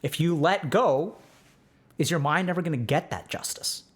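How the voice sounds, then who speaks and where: Brief: a man lecturing on a livestream, conversational and animated, with a fairly high voice. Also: normal speed. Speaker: streamer giving a talk.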